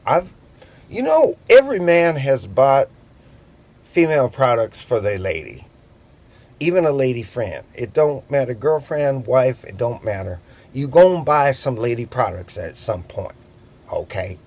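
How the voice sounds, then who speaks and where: On a boat, a man in his fifties vlogs a meandering, funny story, chatting casually and wandering off into jokey tangents. His voice is mid-range and somewhat dark, a little slow, with big swings in pitch.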